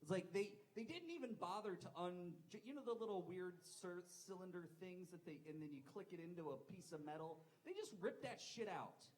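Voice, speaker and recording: A man's voice: high-pitched, animated, fairly quick, few pauses, a little mellow, rough recording. A young man performing a live stand-up set, telling rambling, self-deprecating stories with lots of swearing into a handheld mic on a club stage. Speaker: stand-up comedian.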